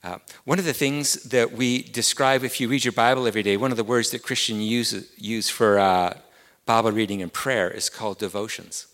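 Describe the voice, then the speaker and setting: A man's voice: medium pitch, moderate pace, a bit bright. English guy preaching a sermon, earnest, keeps repeating key words, echoey hall, mid voice. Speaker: pastor.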